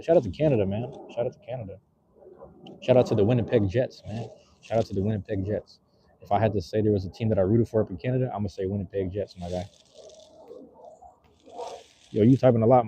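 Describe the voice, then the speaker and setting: A man hosts a laid-back livestream, talking around a cigar and answering his chat in loose, slangy rambles. His voice is very dark and husky and sits a little low. The audio is dull and lo-fi. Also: no echo. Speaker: livestream host.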